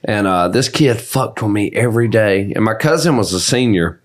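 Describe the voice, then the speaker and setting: A man's voice: lowish voice, lively intonation, normal speed. Blunt joking man on a podcast. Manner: joking, blunt, swears freely. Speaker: podcast guest. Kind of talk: casual chat.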